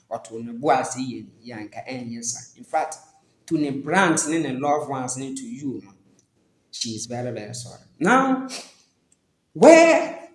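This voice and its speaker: A man's voice: mid-range voice, reverberant, low-quality recording. A man with a Ghanaian accent giving casual reaction commentary, switching between Twi and English and often restarting his phrases.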